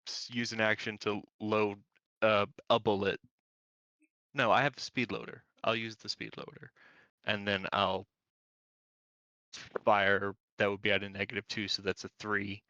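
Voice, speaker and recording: A man playing a tabletop game, calmly talking through his moves and dice. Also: on the low side, unhurried, pauses often, no room sound, highs cut off. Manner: matter-of-fact, talks through rules. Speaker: player. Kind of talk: casual tabletop play.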